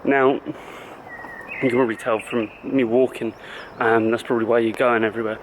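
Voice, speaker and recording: A fitness coach chats casually to his camera, explaining as he goes in loose, stop-start phrases. His voice sits in an ordinary middle pitch. Clear traffic noise runs behind him. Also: steady tone, moderate pace. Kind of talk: casual vlog talk to camera.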